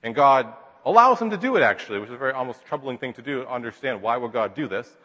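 A man's voice: mid-range voice, animated, fast, sharp tone, long reverb tail, muffled recording. A man teaching a Bible lesson in a casual, chatty way, full of asides and rhetorical questions.

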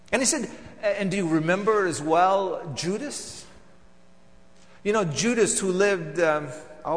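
A man performs a theatrical monologue as a bitter, vengeful temple council elder, swinging from loud outbursts to hushed, seething lines. His voice is a little high with vocal fry, and the sound suggests a big room.

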